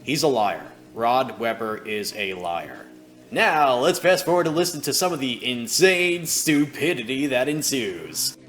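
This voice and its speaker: A man's voice: mid-range voice, expressive, measured pace, fairly bright tone, faint music behind. A man hosting a commentary video, talking in a sarcastic, scornful way.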